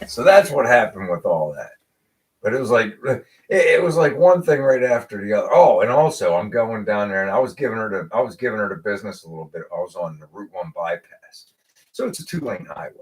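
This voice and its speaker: Host, American man, low voice with wide swings, animated storyteller in casual chat. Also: brisk. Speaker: podcast host.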